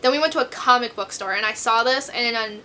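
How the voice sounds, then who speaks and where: Woman, 20s, American accent, rambling casual chat, camera mic at home, faint rumble. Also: quick pace, sharp tone. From United States. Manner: rambling, chatty, self-deprecating. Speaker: book vlogger.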